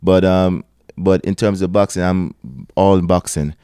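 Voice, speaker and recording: A man's voice: deep voice, flat delivery, unhurried, dark tone, clear, resonant tone, no echo, clean studio sound. A man in a casual podcast chat, speaking emphatically and giving strong opinions.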